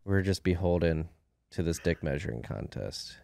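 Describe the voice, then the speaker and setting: A man's voice: sits low, animated, moderate pace, creaky, darkish tone. A man hosting a podcast, chatting casually and prompting his guest with questions. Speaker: podcast host. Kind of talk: casual interview chat.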